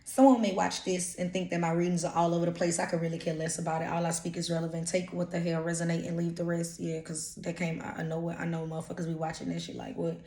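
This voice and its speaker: A woman's voice: fairly low pitch, flat delivery, quick pace, few pauses, mellow. Blunt woman, roomy echo. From Louisiana. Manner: blunt, profane, streetwise slang. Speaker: intuitive reader. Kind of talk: casual channeled energy reading.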